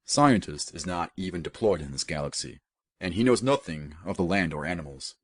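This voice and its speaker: A man voicing a calm, fatherly alien posing as a woman's dad, speaking soothingly. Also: low-pitched, a little fast, no room sound, studio quality.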